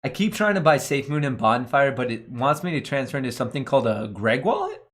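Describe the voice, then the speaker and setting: A man's voice: medium pitch, wildly swooping pitch, fast talker, fairly bright tone. A young man hosting a casual stock market live stream, reading his chat aloud and joking around with slangy banter and frequent laughs. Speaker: stock market livestream host.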